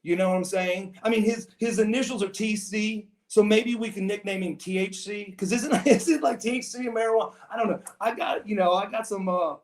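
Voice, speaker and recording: Guy rambling thru a long story, stumbles and repeats himself, kinda high voice, echoey room. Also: fairly quick, hardly any pauses, darkish tone. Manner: meandering, repeats words, says "bro". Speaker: podcast guest, former pro wrestler. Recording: roomy echo.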